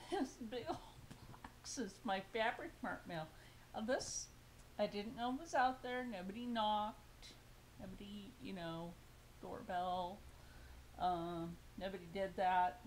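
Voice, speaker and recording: A woman's voice: mid-range voice, a little hiss or hum, low-quality recording. A woman vlogging a casual unboxing of fabric for her sewing channel, gushing and squealing over each piece.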